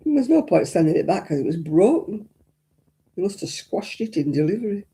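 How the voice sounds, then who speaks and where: A woman's voice: on the low side, big pitch swings, normal speed, dark tone, slightly rough. An older woman, chatting casually as host of a crafting livestream and rambling through anecdotes. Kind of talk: casual chat.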